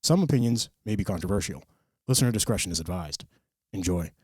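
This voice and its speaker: Male intro announcer, low voice, quick formal read, dry sound. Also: lively intonation, heavy background noise. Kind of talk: scripted podcast disclaimer.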